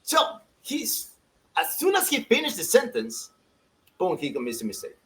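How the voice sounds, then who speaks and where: A man, chatting casually as a soccer pundit, animated and laughing as he acts out quotes. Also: high voice, moderate pace, rough recording. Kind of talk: casual podcast chat.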